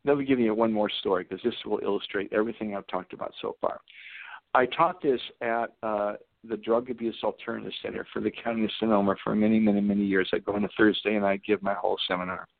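A seminar teacher guesting on a radio call-in tells stories fast in a lowish, gravelly voice with fairly even intonation. The phone line is tinny and dry with no echo, and he acts out each person in his anecdotes.

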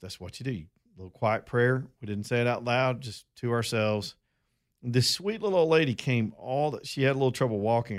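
A middle-aged man from Alabama with a Southern accent, hosting a talk radio show and telling a long story in a folksy, rambling way that addresses his listeners as y'all. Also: mid-range voice.

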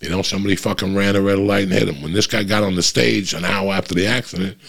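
A comedian from New tells a story on his podcast, swearing constantly. His voice sits very low and comes out rough and raspy, with a gravelly fry at the ends of his phrases. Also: fairly even intonation, fast talker, a bit bright. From New Jersey. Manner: blunt and heavily profane, restless and swearing as he tells it.

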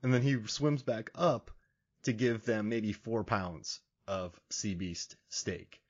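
A man hosting a comedy film podcast, retelling scenes in an animated, laughing way. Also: on the low side, takes it slowly. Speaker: podcast host. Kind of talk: casual comedic chat. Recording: dull lo-fi audio.

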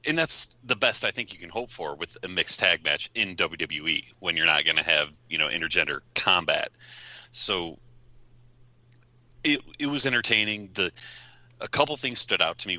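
A man talking casually and analytically on a wrestling podcast, thinking aloud in a measured way. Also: low-pitched, pushed and bright, no room sound, muffled recording.

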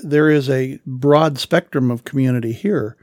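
A man hosting a podcast, interviewing his guest in a casual, halting, amused way. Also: medium pitch, darkish tone, no room sound, studio quality. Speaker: podcast host.

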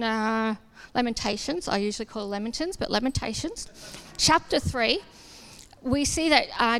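A woman's voice: fairly high pitch, clear, resonant tone. A woman giving a sermon testimony, a casual, self-deprecating storyteller who acts out the dialogue. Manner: lively storyteller acting out dialogue. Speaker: church speaker.

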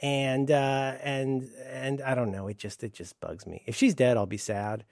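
A man's voice: fairly even intonation, unhurried, creaky, darkish tone, no echo, studio quality. A middle-aged man on a podcast, telling a rambling, profane, sardonic story in casual chat. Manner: puts on high voices when quoting staff. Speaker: podcast co-host.

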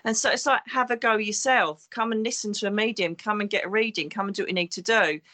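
A woman with a sharp, mid-range voice talks at a quick pace. As a psychic medium and former detective, she speaks emphatically in this interview, imitating the people she quotes.

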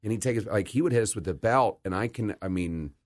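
A middle-aged man hosting a casual interview, telling stories with animated quoted voices. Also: lowish voice, fast. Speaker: podcast host.

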